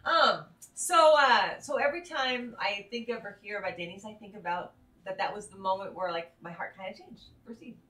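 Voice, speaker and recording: A woman's voice: mid-range voice, normal speed, sharp tone. A woman co-hosting a live show, chatting and teasing in a casual way. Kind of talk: casual live-stream chat. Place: indoor room at home. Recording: echoey room, mic at a distance.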